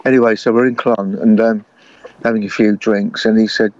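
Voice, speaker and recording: An older man, a musician, telling lively anecdotes in casual conversation and acting out other people's voices with laughter. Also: lowish voice, normal speed, lo-fi sound. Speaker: guest musician. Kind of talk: casual storytelling chat.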